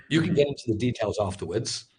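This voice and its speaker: A middle-aged man giving a candid, animated webinar talk on pitching, full of restarts as he tells his story. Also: a little fast, a crowd in the background. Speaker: sales expert and former startup founder.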